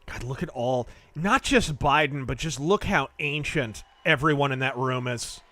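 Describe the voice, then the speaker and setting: A man's voice: mid-range voice, normal speed, sharp tone. A man hosting a live reaction stream, making sarcastic, mocking asides. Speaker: streamer and host.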